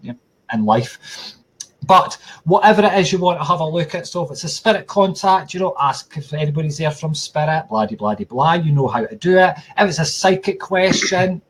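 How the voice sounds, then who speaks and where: A man's voice: on the high side, moderate pace, a little hiss or hum. A man hosting a casual live stream as a psychic medium, chatty and joking, addressing viewers as folks from a tablet at home. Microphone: tablet device.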